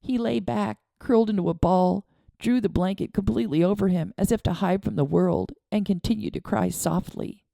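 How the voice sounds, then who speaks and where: A woman narrating a novel as an audiobook, with an expressive, dramatic reading. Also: mid-range voice, normal speed, gravelly, no room sound, clean studio sound. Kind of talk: scripted narration.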